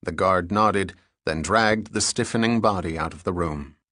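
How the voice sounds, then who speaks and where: Male narrator, thriller audiobook, low voice, dry close sound. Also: moderate pace, bright, forceful tone, no echo.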